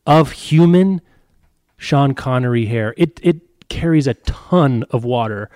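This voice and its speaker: Man, dry close-miked sound, mid pitch, wry riffing co-host. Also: animated, a little mellow, dry recording. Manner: wry, joking, quick asides and mock outbursts. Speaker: podcast co-host. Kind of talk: casual film discussion.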